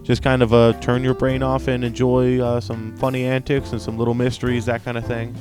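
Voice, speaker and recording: A man's voice: mid-range voice, monotone, a little fast, music in the background. A man reviewing anime in a casual, rambling way, with lots of fillers, restarts and tag questions, laughing often when something amuses him. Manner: rambling, many restarts and fillers, frequent "right?".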